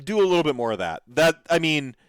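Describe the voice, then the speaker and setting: A man's voice: a little high, very animated, fast talker, clear, resonant tone, no room sound. A man hosting a podcast, reacting to videos in an enthusiastic, rambling way with lots of fillers. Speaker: podcast host. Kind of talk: casual commentary reacting to videos.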